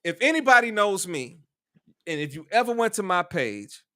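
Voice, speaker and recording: A man in loose, profane conversation, his voice bright and ringing with a lot of lift and fall. The sound is dry and close, with no room around it. He talks in a lively way and circles back over his own words. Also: sits high, normal speed, smooth, no room sound. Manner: animated, profane, repeats himself a lot. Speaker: co-host. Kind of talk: casual podcast chat.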